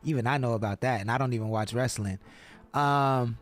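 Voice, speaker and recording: A man's voice: mid-range voice, a little fast. A man hosting a live hip-hop radio stream, chatting loosely and reading viewer comments aloud with plenty of swearing. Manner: loose, reads chat aloud, swears freely. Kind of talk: casual live-stream chat.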